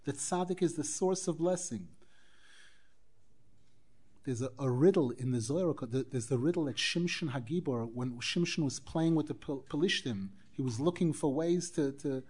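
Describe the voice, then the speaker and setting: A man teaching a Torah class as a rabbi, animated, acting out quoted dialogue and weaving in Hebrew phrases. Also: on the high side, normal speed, breathy edge. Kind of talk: Torah lecture.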